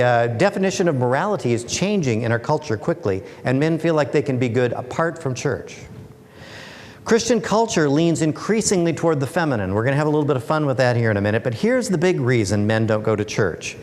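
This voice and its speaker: A man gives a lighthearted talk to an audience. His pitch sits in an ordinary middle range, and he keeps throwing playful rhetorical questions at the crowd. His voice carries a long reverb from the hall he speaks in. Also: a little mellow. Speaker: guest speaker and author. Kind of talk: humorous presentation talk. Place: lecture hall.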